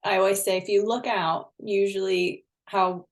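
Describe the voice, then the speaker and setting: A woman's voice: mid-range voice, flat delivery, measured pace. A woman co-hosting a wellness podcast, reflecting thoughtfully and often restarting her sentences. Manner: thoughtful, circles back on her words. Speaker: podcast co-host. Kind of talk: podcast conversation.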